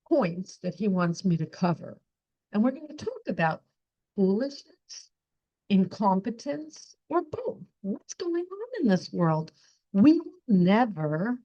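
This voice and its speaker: Woman podcast host lecturing slow, preachy and teasing, voice on the higher side. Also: a little mellow, highs cut off. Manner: preachy, lecturing with rhetorical questions; teasing, chuckles at own remarks. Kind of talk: religious commentary monologue.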